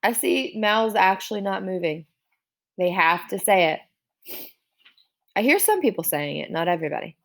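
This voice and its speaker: A woman's voice: mid-range voice, lively intonation, normal speed, pauses often, a bit bright. A woman teacher giving a classroom spelling dictation, sounding out words syllable by syllable.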